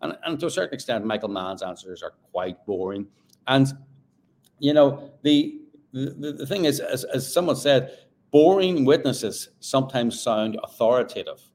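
A man, a journalist guest on a remote call, talking through a trial in an animated, halting way full of fillers and restarts. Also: mid-range voice. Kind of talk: casual discussion.

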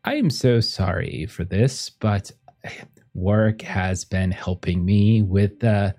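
A man voices a gracious gallery owner who confides warmly in her guests. The voice sits low and mellow, near his own speaking voice. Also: expressive, slow pace, full character voice. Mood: confiding.

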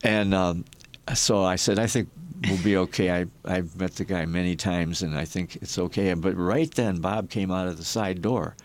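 An older man with a very low voice tells rambling stories as an interview guest. He circles back on his words, restarts sentences, and acts out what other people said. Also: fairly even intonation, normal speed. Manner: rambling anecdotes with restarts and acted quotes. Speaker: guest, former rock roadie and photographer. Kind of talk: storytelling in a podcast interview.

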